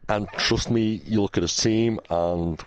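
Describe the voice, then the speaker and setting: A man's voice: fairly low pitch, unhurried, crowd noise. A man co-hosting a casual gaming chat, blunt and joking in his banter. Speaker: co-host.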